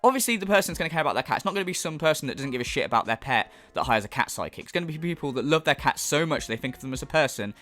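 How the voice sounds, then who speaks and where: A man's voice: a little high, very fast, hardly any pauses. Sweary sarcastic British man ranting. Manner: sweary, mocking, animated. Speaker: YouTube commentator. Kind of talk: sarcastic reaction commentary.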